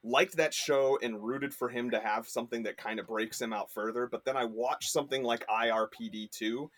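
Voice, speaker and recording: A man's voice: mid-range voice, fairly even intonation, moderate pace, fairly bright tone. A man chatting as a podcast guest, rambling with lots of fillers and restarts. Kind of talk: casual chat.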